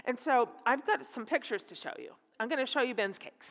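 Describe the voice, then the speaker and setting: Woman telling a funny story to a church crowd, kinda high voice, lots of laughing, long echo in the room. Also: brisk. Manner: animated, laughing, self-mocking. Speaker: guest speaker. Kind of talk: humorous storytelling talk. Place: church sanctuary. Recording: echoey hall.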